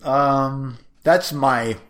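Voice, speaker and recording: A man's voice: medium pitch, very slow, fairly bright tone. A married man co-hosting a casual podcast, easygoing and rambling with a self-deprecating manner. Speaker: podcast co-host. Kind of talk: casual chat.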